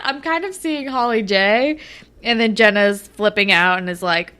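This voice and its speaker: A young woman co-hosting a casual recap podcast, her voice high and bright. She talks fast and gets animated, putting on exaggerated voices whenever she quotes the characters. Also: smooth. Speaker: podcast co-host.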